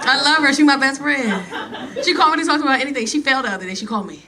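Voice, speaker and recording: Middle-aged woman comic, high voice, bold and animated delivery, live club set with laughing crowd and room noise. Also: fast. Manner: bold, loud, animated storytelling with put-on voices. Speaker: stand-up comedian. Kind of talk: stand-up comedy set. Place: comedy club stage with a laughing audience.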